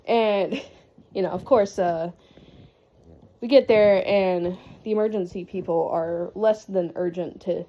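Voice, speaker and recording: A woman's voice: mid-range voice, takes it slowly, dark tone. A young woman casually telling a story in a rambling vlog style, with lots of fillers and laughs. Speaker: vlogger.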